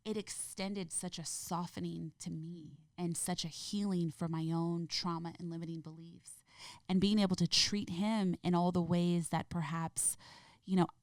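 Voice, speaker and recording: A woman speaking as a podcast guest in an earnest, gentle, heartfelt way. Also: lowish voice, fairly even intonation, normal speed, no room sound. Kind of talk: reflective interview conversation.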